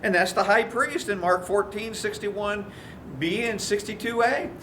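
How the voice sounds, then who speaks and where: A man's voice: sits high, a little slow, fairly bright tone, slight background noise. A man preaching a sermon as a pastor, telling stories and acting out the quoted voices. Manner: storytelling, acts out quoted voices.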